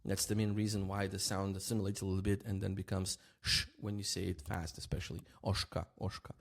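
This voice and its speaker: A man teaching a language lesson in a relaxed, casual way, repeating example words slowly and often checking in with "right?". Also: low-pitched, gravelly.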